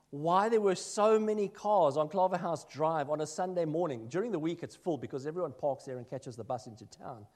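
Minister with a slightly high voice. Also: male voice. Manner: self-deprecating storytelling, shifting from loud asides to hushed remarks. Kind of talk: sermon with personal anecdotes.

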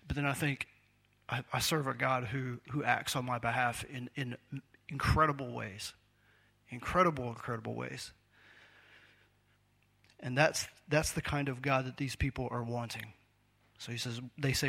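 A man delivering a sermon in a casual, conversational tone. His voice has a gravelly, creaky edge at a middle pitch. He jokes at his own expense and laughs often. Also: steady tone, moderate pace, a bit bright. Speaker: preacher.

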